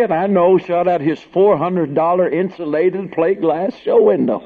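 A man preaching a sermon through humorous stories, swinging from hushed whispers to loud shouts. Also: high voice, animated, normal speed, few pauses, some chatter behind. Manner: humorous, tells tall tales for laughs. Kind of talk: sermon storytelling. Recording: tinny phone-like band with faint noise.

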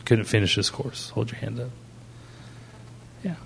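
A man's voice: medium pitch, unhurried, creaky, a bit bright, a little hiss or hum. A man preaching a sermon to young people, asking the audience questions and telling stories from his ministry. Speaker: pastor.

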